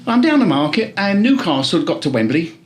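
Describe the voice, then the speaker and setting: A middle-aged man with a London accent, co-hosting a casual football chat and telling animated stories full of swearing. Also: high-pitched, a little fast, a little hiss or hum. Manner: animated storyteller, swears freely. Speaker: podcast co-host.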